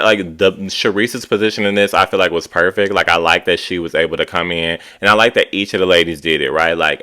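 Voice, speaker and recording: Chatty man with a deep, bright voice. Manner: chatty, animated, quotes cast members in character. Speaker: reality TV reviewer. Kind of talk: casual commentary.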